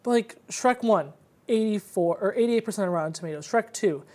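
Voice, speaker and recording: A woman's voice: mid-range voice, lively intonation, a little fast, a little mellow. A woman co-hosting a podcast in casual chat, reeling off facts and figures in a chatty way. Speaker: podcast co-host.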